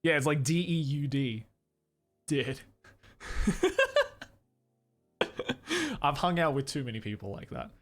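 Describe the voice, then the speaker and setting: A man's voice: fairly high pitch, expressive, unhurried, long pauses. A young Australian man streaming in a studio, chatting casually and animatedly. He swears often and laughs a lot. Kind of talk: casual chat. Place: studio, indoors.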